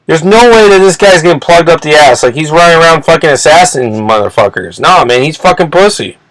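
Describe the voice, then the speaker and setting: A man's voice: a little high, expressive, quick pace, fairly bright tone, dry recording, poor audio. A man hosting his own channel, ranting in an agitated, indignant way, swearing often and restarting his sentences again and again. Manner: profane, rambling, many restarts and repeated words. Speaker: channel host. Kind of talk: ranting commentary video.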